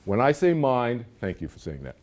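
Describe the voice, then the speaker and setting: A man's voice: mid-range voice, huge pitch swings, moderate pace, a little mellow. A middle-aged man giving a live seminar talk, chatty and storytelling, often checking in with his audience. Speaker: seminar speaker.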